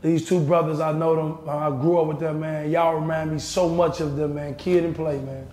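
A man's voice: level tone, normal speed, warm tone. Laid-back man saying "man" a lot. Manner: laid-back, ends sentences with "man", drops to low mutters. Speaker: guest. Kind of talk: casual chat. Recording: echoey room with faint noise.

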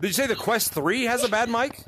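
High-pitched excitable man in game voice chat. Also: over a noisy crowd. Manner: excitable, playful, talks fast over others. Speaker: gaming content creator. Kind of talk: casual VR gameplay commentary. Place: online VR game lobby. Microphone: VR headset mic. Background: many other players chattering in the lobby.

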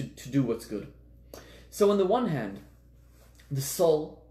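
Man, rabbi giving a lecture, earnest and emphatic, voice on the high side, recorded in a reverberant room. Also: mellow. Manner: earnest, repeats words for emphasis. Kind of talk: lecture on Jewish teachings. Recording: echoey room.

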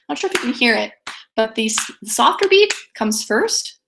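A woman's voice: on the high side, expressive, normal speed, gravelly, background noise. A woman teacher giving a chatty, filler-heavy recorded video lecture.

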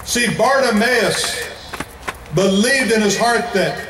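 An American man delivers an emphatic evangelistic sermon and slows down on the phrases he wants to stress. His voice sits fairly high for a man. The sound is echoey, as if picked up from a distance in a big hall. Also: noisy background. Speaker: evangelist preacher. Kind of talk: evangelistic sermon to a large crowd. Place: large indoor event venue.

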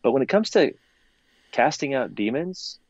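A pastor as a podcast guest, talking casually in a measured way that sometimes falters. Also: male voice, medium pitch, sing-song, dull audio. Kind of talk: casual conversation.

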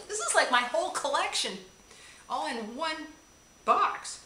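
A woman's voice: high-pitched, expressive, a little slow, long pauses. A woman unboxing a gift package on camera, gushing and gasping with delight at each item. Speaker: beauty vlogger. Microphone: camera on a tripod. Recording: echoey room, audible noise.

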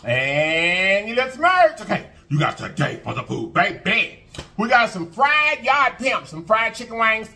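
Animated man humming through an eating show. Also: high-pitched, unhurried, creaky. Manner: animated, savoring with hums and mm-hmms; chatty, calls viewers y'all and baby. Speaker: food vlogger.

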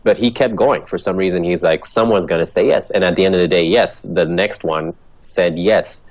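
A man's voice: low-pitched, normal speed, a little mellow, no echo, poor audio. A man with a transatlantic accent, a guest giving earnest motivational answers in an interview and laughing easily. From Ethiopia. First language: Dutch. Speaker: guest, actor and comedian.

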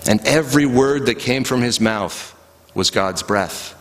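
A man preaching a sermon as a pastor, telling the story in a slow, rhythmic way with long pauses. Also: medium pitch, fairly bright tone. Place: church sanctuary. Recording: live church recording with long reverb.

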